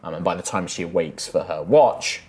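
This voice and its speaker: A man narrating as game master of a tabletop game, relaxed and a little hesitant, with frequent fillers. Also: low voice, normal speed, a little hiss or hum.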